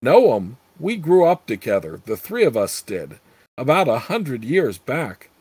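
A man's voice: medium pitch, very animated, measured pace, a little mellow, breathy edge, no room sound. A man voicing a crude, scheming old female witch with brash, earthy talk. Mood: scornful.

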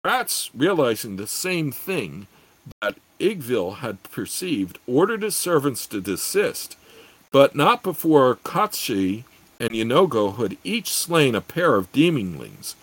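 A man's voice: medium pitch, very animated, takes it slowly, slightly rough, poor audio. A man narrating a fantasy audiobook expressively, with occasional self-corrections.

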